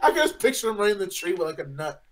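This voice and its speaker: A woman's voice: mid-range voice, sing-song, fast. A woman co-hosting a casual chat show, joking in a giggly, teasing way. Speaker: podcast co-host.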